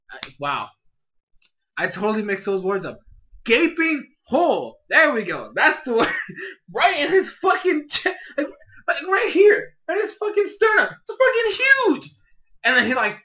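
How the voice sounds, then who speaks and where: A man giving a casual, profane anime episode review, excitable and swinging loud and high when exasperated. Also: rough recording. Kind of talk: casual solo review rant.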